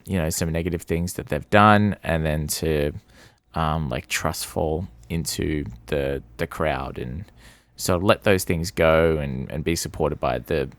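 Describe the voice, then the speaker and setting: A man's voice: a bass voice, no echo. A man co-hosting a casual film review podcast who talks hesitantly, with many fillers and restarts. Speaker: podcast co-host.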